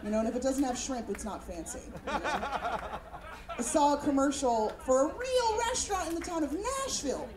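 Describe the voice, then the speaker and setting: A woman's voice: fairly high pitch, expressive, normal speed, a crowd in the background. A woman stand-up comedian from San Francisco doing a brash, profane storytelling set before a live audience. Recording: echoey room with audience.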